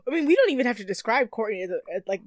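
A woman's voice: fairly high pitch, big pitch swings, rapid-fire, no echo, studio quality. A young woman co-hosting a podcast, chatting casually and animatedly with laughs, swearing and many restarts. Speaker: podcast co-host. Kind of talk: casual chat recapping a reality show.

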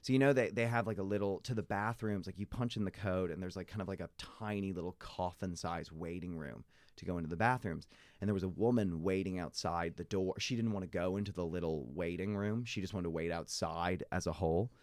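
A man chatting casually, telling animated stories with many fillers. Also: sits low, a little fast, dry recording, studio quality. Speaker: guest. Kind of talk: casual conversation.

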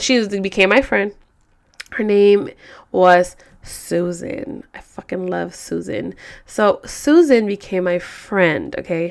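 A woman's voice: on the low side, vocal fry, smooth. A woman hosting a podcast, telling a story in a rambling, profane, casual way full of fillers. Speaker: podcast host.

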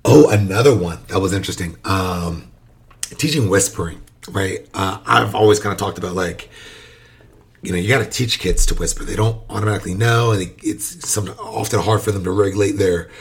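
Low husky-voiced male podcast host. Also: moderate pace. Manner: loose and chatty, many fillers and restarts. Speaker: early childhood educator. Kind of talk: casual podcast monologue.

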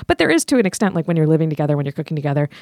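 A woman's voice: low voice, very animated, racing, darkish tone, dry recording, clean studio sound. Playful woman podcast host. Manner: playful, jokey asides, acts out quotes. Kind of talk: casual chat.

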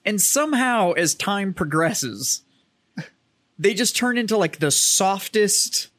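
A man co-hosting a casual podcast, joking and cursing in quick banter. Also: high voice, sing-song, a bit bright, no echo. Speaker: podcast co-host. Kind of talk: casual chat.

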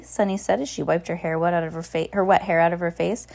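A woman reading a children's chapter book aloud with expressive, animated storytelling. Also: lowish voice, fast talker, vocal fry, few pauses. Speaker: storybook reader.

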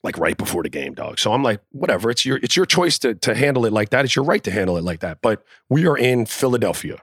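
A man telling a locker-room story in a casual podcast chat, animated and profane, acting out the quotes. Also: mid-range voice, quick pace, husky, no room sound, clean studio sound. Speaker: podcast co-host, former NBA player.

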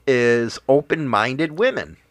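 A man's voice: medium pitch, very animated, takes it slowly, fairly bright tone, no room sound. A man co-hosting a podcast, trading crude jokes and teasing in casual chat. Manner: crude joking banter; playful teasing. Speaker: podcast co-host.

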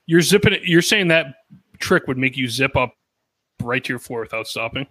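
A man co-hosting a podcast, recapping a cartoon episode in animated, casual storytelling with quoted lines and swearing. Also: mid-range voice, moderate pace, no echo, rough recording. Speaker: podcast co-host.

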